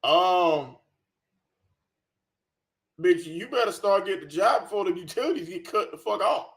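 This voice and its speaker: A man's voice: high voice, expressive, measured pace. A man hosting a reaction commentary, profane, scornful and sarcastic. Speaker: commentary channel host.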